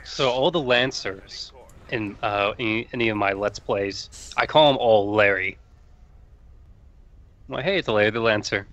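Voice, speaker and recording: A man's voice: fairly low pitch, a little slow, long pauses, fairly bright tone, dull audio. A man musing about games in a casual chat over a voice call.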